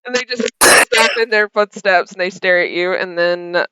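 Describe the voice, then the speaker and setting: A woman narrating a tabletop game as game master, voicing characters with sudden high-pitched outbursts. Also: normal speed, heavy background noise.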